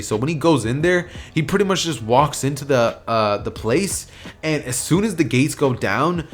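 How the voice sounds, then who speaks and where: A man narrating an anime fan story in a casual, rambling way with plenty of fillers. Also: mid-range voice. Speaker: YouTube storyteller. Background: soft music.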